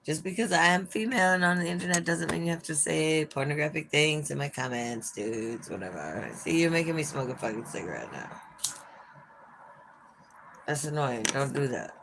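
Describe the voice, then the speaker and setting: A woman's voice: low-pitched, lively intonation, moderate pace, creaky, noisy background. A woman from Minnesota with a Minnesotan accent, chatting casually and sarcastically with viewers on a home livestream. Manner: chatty, sarcastic, frank with swearing. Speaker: livestream host. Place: at home by an open window.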